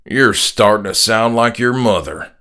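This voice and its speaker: A rude, selfish father drawls out every word in a lazy Southern country way, as a man puts him on. The voice sits low and moves a lot as he grumbles and sneers at anyone in his path. He sounds slow, dismissive, and sure he is right. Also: expressive, pushed and bright, heavily acted. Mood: gruff, dismissive. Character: selfish rude middle-aged Southern dad.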